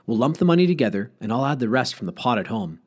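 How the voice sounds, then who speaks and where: A man's voice: medium pitch, big pitch swings, fast talker, husky. A man voicing a confident, pushy schoolboy who talks his friends into a scheme, in a storybook reading. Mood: scheming. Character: eager schoolboy pal, a bold schemer.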